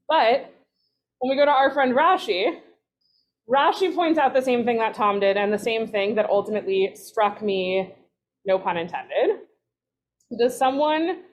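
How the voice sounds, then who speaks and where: A woman, a rabbinic resident, leading a casual text study, chatty, with lively asides and quick self-corrections. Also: on the high side.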